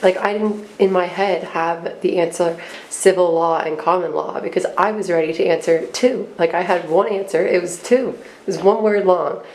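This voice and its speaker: A young woman talking into a handheld camera for her vlog, with a slightly low voice for her age. She rambles and pokes fun at herself in a loose, chatty way. A faint hum of surroundings sits behind her. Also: steady tone, normal speed, darkish tone, poor audio. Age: young adult. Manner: chatty, self-deprecating, rambling. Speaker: student vlogger. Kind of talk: casual vlog. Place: around a snowy campus and her kitchen.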